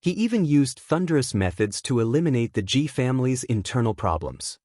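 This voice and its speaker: A male narrator reads an audiobook in a steady, even delivery. His voice sits at an ordinary pitch. The recording is dry and close. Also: fairly quick, no echo. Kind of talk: scripted narration.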